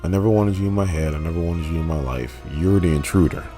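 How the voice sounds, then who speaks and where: A man's voice: low voice, quick pace, mellow, soft background music, lightly acted. A man doing an anguished scientist. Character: anguished male scientist, frantic and resentful.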